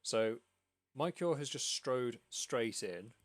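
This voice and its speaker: A man's voice: medium pitch, animated, takes it slowly, no room sound. A man from the UK narrating a tabletop game as game master, in a loose, rambling way with many fillers. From United Kingdom.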